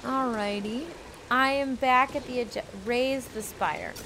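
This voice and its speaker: A woman's voice: on the high side, steady tone, measured pace, noisy background. A woman chatting casually while playing a video game on stream, swearing freely and talking to her chat and her cat. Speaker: let's-play streamer. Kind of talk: casual gameplay commentary.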